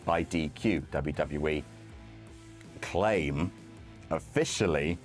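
A man's voice: a bass voice, slow, faint music behind. A man giving scripted, wryly humorous narration as a wrestling commentator. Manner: wry, dry humor.

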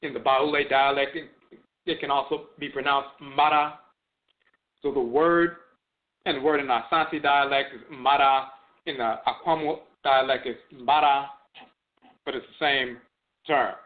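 A man's voice: medium pitch, fairly even intonation, normal speed. A man giving a spoken lecture on religion, repeating key terms for emphasis as he explains words. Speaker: teacher of religion and language. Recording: tinny phone-like audio.

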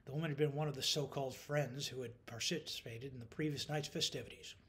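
A man reading an audiobook as narrator, in calm, measured scripted narration. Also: medium pitch, slight background noise.

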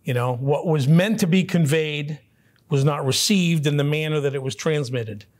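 A man teaching a casual Bible study class in a church, talking conversationally with frequent restarts and throat clearing. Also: a little high, normal speed, darkish tone.

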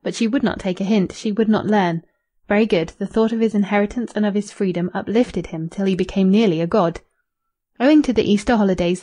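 A woman narrating a classic novel as an audiobook, in an even, measured reading. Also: medium pitch. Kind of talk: scripted narration.

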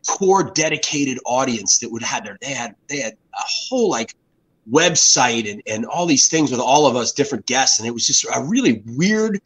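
A man's voice: mid-range voice, expressive, normal speed, slightly rough, poor audio. An American man in his fifties, a guest telling rambling stories in a casual interview, often restarting his sentences. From United States. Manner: rambling storyteller with frequent restarts.

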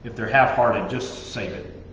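Animated man preaching in an echoey room. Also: medium pitch, unhurried, slight background noise. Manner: joking, animated preaching with mocking prayer voices. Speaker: youth pastor. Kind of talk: sermon. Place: youth group meeting room. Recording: echoey dull room recording.

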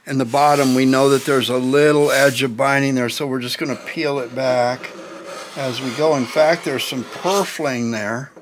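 A man with an ordinary mid-range voice walks viewers through a guitar build in his workshop. His talk is relaxed and chatty, with jokes and asides to the guys watching. Faint filing and scraping sounds sit quietly behind him. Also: medium pitch, background noise. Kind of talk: casual workshop tutorial.

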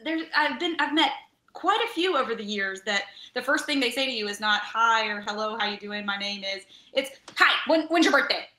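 A woman, a camp travel director and nurse, telling lively stories in a podcast interview and acting out voices. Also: on the high side, fairly quick, roomy sound. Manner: animated storyteller, acts out voices.

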